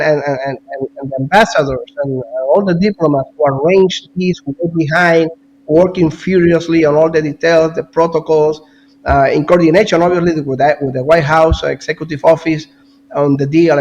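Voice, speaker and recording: A man talking as a guest analyst in casual political commentary, animated, repeating words and now and then coughing. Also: a little high, moderate pace, dull audio, slight background noise.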